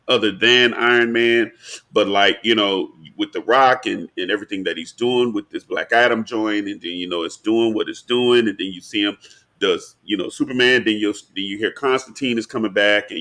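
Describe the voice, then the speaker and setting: A man co-hosting a casual pop-culture podcast, explaining his points at length in an animated, slangy way. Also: lowish voice, moderate pace. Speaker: podcast co-host.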